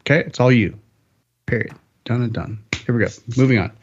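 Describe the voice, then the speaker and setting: A man's voice: mid-range voice, brisk, slightly rough. Guy hosting a podcast, chatty and rambly, kinda dull lo-fi sound. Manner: rambling, upbeat, self-correcting. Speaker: podcast host. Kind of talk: casual podcast chat.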